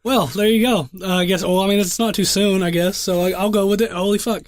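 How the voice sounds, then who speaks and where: A young man with a fairly high voice hosts a podcast and spins a loose, profane story in a laid-back way. His speech is full of restarts. The sound is close and dry. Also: steady tone, a little fast, dry recording. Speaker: podcast host. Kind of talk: casual podcast chat and storytelling.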